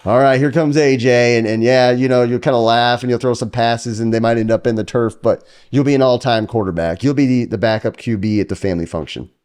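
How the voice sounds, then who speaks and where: A man's voice: mid-range voice, fairly even intonation, a little fast, hardly any pauses, darkish tone, clear, resonant tone. A man hosting a casual podcast chat, joking as he presents player cards to a guest. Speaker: podcast host.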